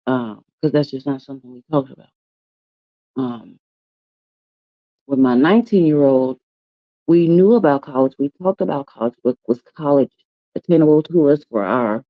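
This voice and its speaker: Her pitch sits extremely low as she runs a relaxed morning chat, chatty and emphatic with her listeners. Stressed words get drawn out, and she calls people "y'all" and "baby." There's no room sound; the audio is dry and somewhat dull.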